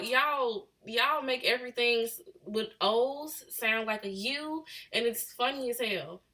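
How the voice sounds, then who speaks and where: Chicago woman, late twenties, slightly high bright voice, loose drawling chat with viewers. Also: expressive, slow pace. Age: late 20s. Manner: chatty, drawling, answering comments. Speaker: livestream host. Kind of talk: casual live chat with viewers.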